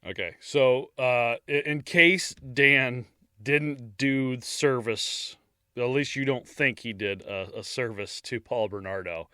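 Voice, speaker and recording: A man's voice: medium pitch, slow pace, sharp tone, smooth, no room sound, clean studio sound. A man co-hosting a podcast who sets up clips for the listeners in casual banter. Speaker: podcast co-host.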